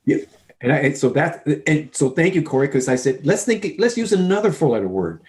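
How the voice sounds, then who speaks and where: In a podcast interview, a male guest speaks a little fast in a voice that is a little high. He animatedly tells sales stories, playing both parties in each conversation.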